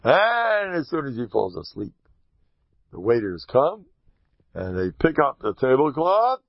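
A man telling a folksy parable with a moral, animated and sprinkled with Hebrew and Yiddish terms. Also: mid-range voice, vocal fry, dull audio, a little hiss or hum. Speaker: storyteller giving moral advice.

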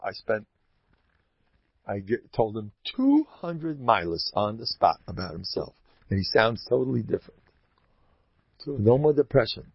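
A man with a gravelly, husky voice gives an informal Torah talk. His pitch swings widely, and he repeats phrases to drive his points home. The recording is dull and dry, with a lo-fi sound. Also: measured pace, long pauses, no echo. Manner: animated and emphatic, repeats phrases for stress. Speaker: Torah teacher.

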